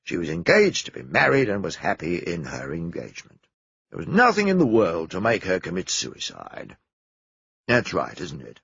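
A blunt police inspector who fires questions in a brisk, direct way, as a male reader puts him on. The voice is gravelly and husky, with lively swings in pitch. It is recorded dry and a bit dull. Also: no room sound, heavily acted. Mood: summing up.

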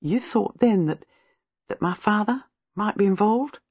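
A reader voicing an impulsive young wife who speaks breathlessly. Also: female voice, medium pitch, moderate pace, darkish tone, no echo, muffled recording, voice pushed up, natural voice.

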